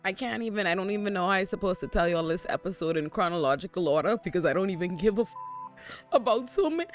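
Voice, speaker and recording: A man hosting a casual TV episode recap from a hotel room, ranting in an animated, exasperated and profane way. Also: high voice, fast, faint music behind. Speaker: TV recap host.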